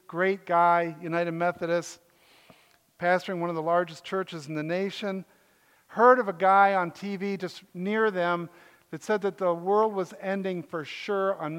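High-voiced older man preaching in a hall. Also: level tone, a little slow, fairly bright tone, clean tone. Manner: joking, conversational preaching with asides. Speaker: pastor. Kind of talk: sermon. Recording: echoey hall reverb.

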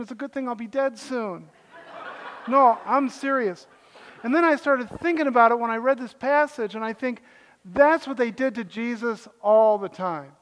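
Older man, pastor, high voice, chatty joking sermon, echoing hall reverb. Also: normal speed. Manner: joking, conversational preaching with asides.

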